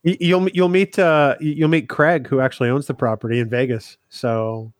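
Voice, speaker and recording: A man's voice: mid-range voice, level tone, moderate pace, no echo. A man hosts a podcast in casual chat. He teases his co-hosts, then turns earnest, and his voice sits close and dry. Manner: teasing, earnest about fandom. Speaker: podcast host.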